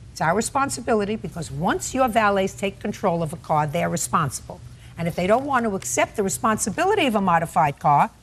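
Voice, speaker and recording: An older woman judges a case on courtroom TV in a blunt, scolding way, and her pitch swings widely as she makes her points. A faint hum of the courtroom sits under her voice. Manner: blunt, scolding, interrupts sharply. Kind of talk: courtroom TV judging.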